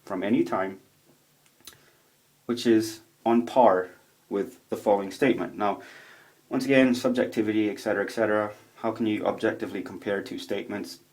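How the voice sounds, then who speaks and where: A man in a casual, rambling video monologue, swearing a lot as he tells stories in an animated way. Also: fairly low pitch, normal speed. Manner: profane, rambling, animated storytelling. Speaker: vlogger. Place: home room with a roommate nearby.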